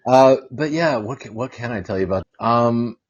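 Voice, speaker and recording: A man's voice: medium pitch, moderate pace, breathy edge. A man being interviewed as a guest actor, easygoing and rambling in casual chat. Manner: easygoing, rambling with fillers and repeats. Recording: lo-fi dull audio.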